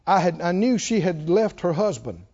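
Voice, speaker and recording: A man preaching a sermon, swinging between hushed warnings and hollered lines and acting out a tempter's whisper. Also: high-pitched, sing-song, normal speed, husky, muffled recording.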